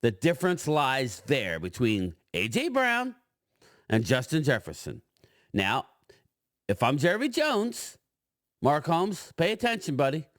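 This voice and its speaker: A man giving opinionated sports commentary, arguing his points in an animated way and addressing a panel directly. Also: a little high, no room sound, studio quality.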